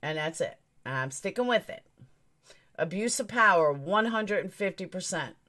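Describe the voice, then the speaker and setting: A woman's voice: on the low side, lively intonation, moderate pace, a bit bright. A woman hosting a true crime live stream, talking straight to her chat in a blunt, emphatic, opinionated way.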